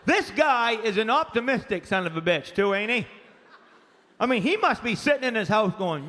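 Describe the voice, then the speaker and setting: A man's voice: sits high, sing-song, moderate pace, bright, forceful tone. A man from Maine with a Maine accent, doing rowdy, profane stand-up comedy, telling stories with acted-out voices. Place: comedy club stage. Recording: live club set with echoing reverb and faint room noise.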